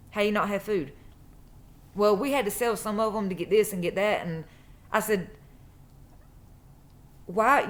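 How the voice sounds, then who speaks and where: Woman, mid-range voice, emphatic casual storyteller. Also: mid-range voice. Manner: emphatic, repeats phrases for stress. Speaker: true crime vlogger.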